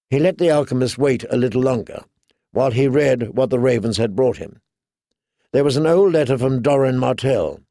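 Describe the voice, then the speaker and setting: Guy reading an audiobook, gravelly, dead dry room, mid pitch. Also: warm tone, dry recording. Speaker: audiobook narrator. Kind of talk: scripted narration.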